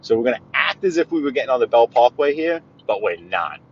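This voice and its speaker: A man's voice: mid-range voice, very animated, fast, slightly rough, dull audio. A man giving rambling, playful commentary from inside his car while driving through the city. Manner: chatty, rambling, with frequent restarts and playful asides. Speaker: driving vlogger giving a live tour. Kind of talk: casual live-stream driving commentary.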